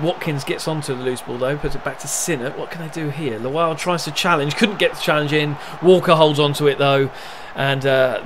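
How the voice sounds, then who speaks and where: Over some background noise, a young man with a voice on the high side narrates match events in the football management game he is playing. He is chatty, roots for his team, and bursts out excitedly whenever a goal goes in.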